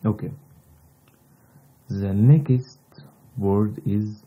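A man with an Egyptian Arabic accent, a native Arabic speaker teaching vocabulary in simple English, repeating each word slowly. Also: on the low side, fairly even intonation, warm tone, breathy edge, dull audio. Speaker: language teacher. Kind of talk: casual vocabulary lesson.

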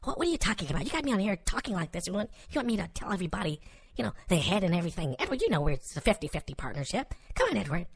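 A woman playing a sensible wife on a comedy radio call-in, scolding her husband in a fast, exasperated way. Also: mid-range voice, sing-song, vocal fry, husky, heavily acted.

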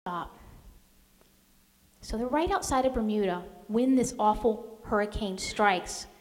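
A woman's voice: a little high, moderate pace, darkish tone. A woman author giving a history lecture, telling the story expressively with dramatic readings. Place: lecture hall at a museum. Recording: long hall reverb.

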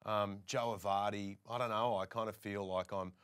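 A man's voice: fairly low pitch, moderate pace, smooth. An Australian man, a presenter appearing as a guest, telling casual anecdotes and acting out other people's lines as he goes. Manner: lively storyteller who acts out other people's lines.

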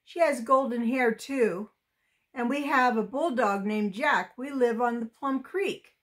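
A woman's voice: on the high side, a little slow, lightly acted. A woman voicing a shy little pioneer farm girl in a storybook reading, speaking in an earnest, plain way.

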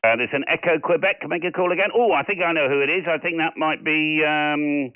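A man's voice: fairly high pitch, a little hiss or hum. A man from Scotland running a ham radio session, trading call signs and signal reports with friendly, easy chat. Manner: friendly, quick call handling. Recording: tinny radio audio.

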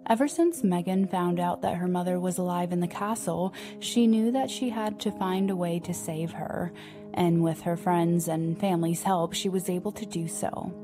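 Woman narrating an audiobook, low-pitched. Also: normal speed, music in the background. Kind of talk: scripted narration.

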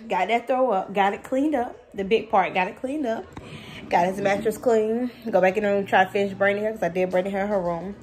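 A woman talks to her viewers at home in a casual vlog. She tells her stories in an animated, expressive way and keeps calling her audience y'all. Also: mid-range voice, brisk. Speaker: vlogger, mother of two.

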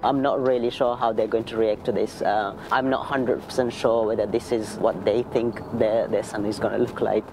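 A man, a computer scientist, explaining his work hesitantly with many pauses and fillers. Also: lowish voice, little pitch movement, background noise. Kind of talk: interview.

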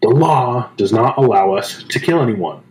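A man reading the lines of hostile temple leaders in a low, blunt voice during a church Passion reading. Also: expressive, normal speed, darkish tone, natural voice. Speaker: scripture reader. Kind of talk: dramatic scripture reading. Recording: roomy church from a distance.

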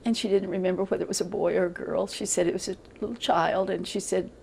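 An older woman speaks in a gravelly, creaky voice, recounting events haltingly with repeated words. She is being interviewed for the news. A faint hiss of noise sits underneath her. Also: on the low side, fairly even intonation, a little mellow, rough recording.

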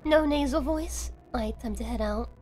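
A woman's voice: high voice, moderate pace, a little mellow, a little hiss or hum. A young woman with a British accent chatting playfully with her viewers on a live stream, often laughing. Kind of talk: casual live-stream chat.

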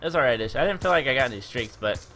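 A young man giving joking, excitable commentary over his own gameplay as a video host. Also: medium pitch, racing, faint music behind. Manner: animated, joking, exclaims at the game.

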